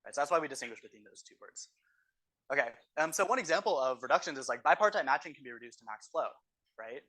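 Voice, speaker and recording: Male TA for a review session: quick delivery, bright voice, keeps asking the room "right?". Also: medium pitch, animated. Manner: explanatory, tags statements with "right?". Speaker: course teaching assistant. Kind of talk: exam review lecture. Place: university classroom.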